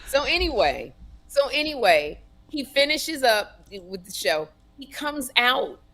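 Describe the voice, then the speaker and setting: A woman co-hosting a comedy podcast, telling stories in a sassy, animated way and acting out voices. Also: high-pitched, unhurried. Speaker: podcast co-host. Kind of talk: casual comedic storytelling.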